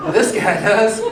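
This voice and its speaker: A man's voice: high voice, background noise. A young man performing a self-deprecating stand-up comedy set, chatting with and quizzing the crowd, recorded in a comedy club with audience laughter behind him. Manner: conversational, self-deprecating, asks the crowd questions. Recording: echoey club heard from a distance, crowd laughing.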